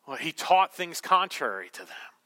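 A male pastor preaching a sermon to a congregation, swinging from loud, emphatic declarations to hushed whispers. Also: fairly high pitch, big pitch swings, moderate pace. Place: church hall with congregation.

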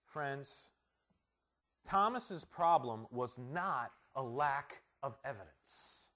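A man preaching a sermon as pastor, emphatic and swinging from hushed words to loud ones. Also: medium pitch, expressive, very slow.

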